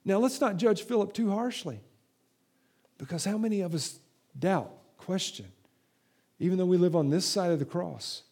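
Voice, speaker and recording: A man preaching a sermon in a fairly high voice. He swings between emphatic, raised lines and slow, hushed stretches. He often reads scripture aloud. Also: slightly rough. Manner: emphatic preaching with sudden drops to slow, quiet delivery. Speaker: pastor.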